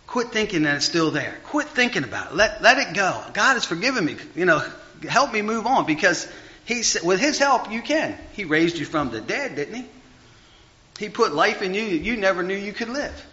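A male preacher delivers a loose, conversational sermon full of restarts and asides. His voice is bright and forceful, and it swings from raised emphasis down to quiet murmurs. The dull, lo-fi recording softens the top end. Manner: rambling, full of fillers and restarts, big swings in pitch and volume.

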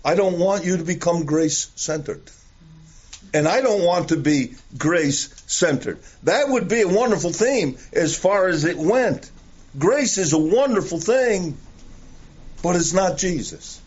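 A man preaches a sermon in a slow, deliberate, earnest way, telling stories to make his point. His voice sits a little high for a man. The recording is dull and lo-fi. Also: expressive, a little mellow, husky.

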